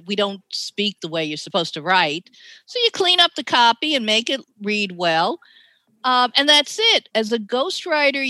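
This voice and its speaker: A middle-aged woman with a New York accent, a ghostwriter telling animated stories in a podcast interview. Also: fairly high pitch, dry recording. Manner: animated storytelling, chatty, laughs often. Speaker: ghostwriter guest.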